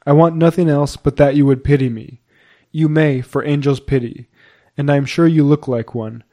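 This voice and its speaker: A man's voice: fairly high pitch, fairly even intonation, normal speed, warm tone, lightly acted. A man voicing a melancholy young foreign page who pleads in a sorrowful, half-choked way.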